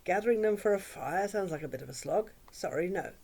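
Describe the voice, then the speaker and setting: A gruff, lazy storybook dog, voiced by a woman. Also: fairly low pitch, expressive, a little fast, warm tone. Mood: dismissive. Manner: gruff excuses, in rhyme.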